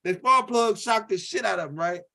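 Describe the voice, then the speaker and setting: A high-pitched man from tells a loose, rambling stand-up story. He circles back, repeats lines and keeps asking "right?" as he talks. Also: moderate pace, vocal fry, sharp tone. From Louisiana. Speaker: comedian.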